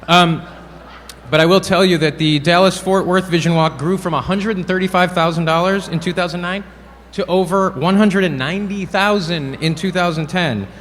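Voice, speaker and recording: A man presenting awards at a ceremony, cracking playful deadpan jokes. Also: high-pitched, moderate pace. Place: event hall. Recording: reverberant hall, faint room noise.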